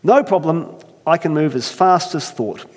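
Earthmaker, a man putting on a brisk Irish creator god. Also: on the high side, expressive, in a large hall. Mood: brisk scolding. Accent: put-on Irish. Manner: brisk, scolding, no-nonsense.

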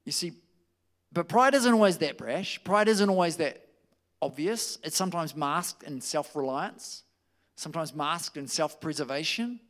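A man preaching a conversational sermon, lively and informal, slipping into quoted voices. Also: on the high side, a little slow. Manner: conversational, animated, with restarts and acted quotes.

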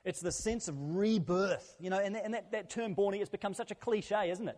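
Man, pastor, earnest conversational sermon, higher voice, long church-hall reverb. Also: a little fast, darkish tone. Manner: earnest, conversational preaching with repeated phrases.

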